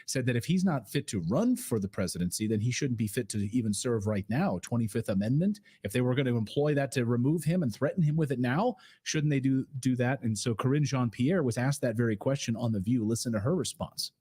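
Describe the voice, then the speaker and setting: A man's voice: medium pitch, animated, fairly quick, hardly any pauses, mellow, slightly rough. A man hosting a casual political commentary stream, rambling, with frequent fillers and restarts.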